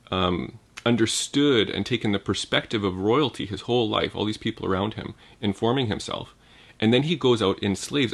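Low-voiced man teaching the Bible informally. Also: fairly bright tone. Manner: thinks aloud, many fillers and restarts, asks "right?".

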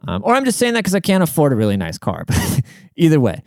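A young man from Washington State, USA, tells a story in a casual, rambling monologue, swearing often and checking in with his listener. His fairly high, darkish voice swoops wildly in pitch as he talks fast, in a dry, studio-quality recording with no echo.

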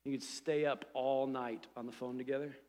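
A middle-aged man preaching a sermon in a church sanctuary, conversational and animated, full of fillers and asides. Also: medium pitch, moderate pace, in a large hall. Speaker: pastor.

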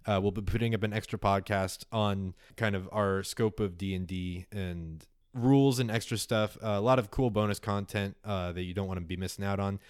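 A man narrates a tabletop game as its game master, relaxed and matter-of-fact. His voice is low and sits smooth and clear. The sound is close and dry. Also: normal speed, hardly any pauses, no echo. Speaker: game master and podcast host.

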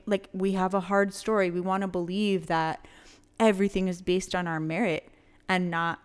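A woman with a smooth, clear voice speaks in a slightly low register. She talks frankly and emphatically in a casual podcast chat. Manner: frank, emphatic, quick backchannels. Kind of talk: casual conversation.

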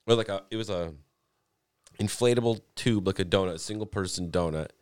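A young man with a fairly low voice rambles through a story in casual podcast chat, full of fillers and swearing. The sound is dry and close to the mic, with no room around it. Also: brisk, smooth, dry recording. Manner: rambling, profane, animated storyteller with lots of "like".

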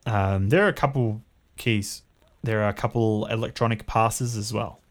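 A man narrating a tabletop game as game master, describing scenes calmly. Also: fairly low pitch, normal speed.

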